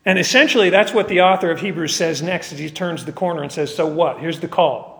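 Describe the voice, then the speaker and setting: Gravelly preaching man in a reverberant hall. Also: on the high side, a little fast. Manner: joking asides, building to emphatic preaching. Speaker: pastor. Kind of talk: sermon.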